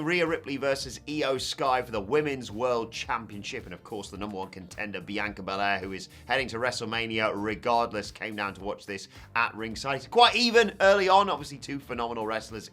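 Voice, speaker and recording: A man recapping a wrestling show, animated, swinging from loud calls to hushed asides. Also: medium pitch. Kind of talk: scripted recap commentary.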